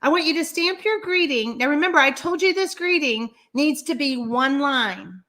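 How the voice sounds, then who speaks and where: A woman's voice: high-pitched, expressive, moderate pace, fairly bright tone. A woman hosting a live card-making stream, chatting, teasing and reading out viewer comments. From Texas. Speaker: livestream host of a card-making session. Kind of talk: casual live-stream chat.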